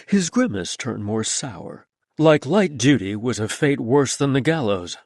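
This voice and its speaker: Male audiobook narrator, first-person storytelling, lively pitch, dry booth sound. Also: a little slow, no echo.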